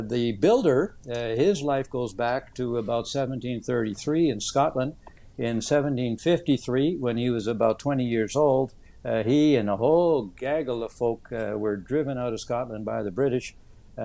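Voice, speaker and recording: A man in his seventies, an author answering interview questions in an earnest, thoughtful way, with many "uh" pauses as he tells stories. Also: mid-range voice, warm tone. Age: 70s.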